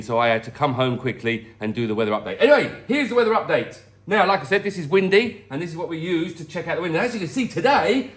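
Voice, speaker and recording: A middle-aged man hosting a casual weather vlog, talking in a jokey, rambling way. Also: fairly high pitch. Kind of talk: casual chatty weather update.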